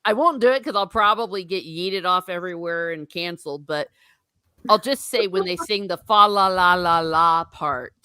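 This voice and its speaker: Woman, podcast host, casual chat, animated storytelling, laughs a lot, dry close sound. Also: on the low side, normal speed, no room sound. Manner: animated storytelling, frequent laughter, acts out movie lines.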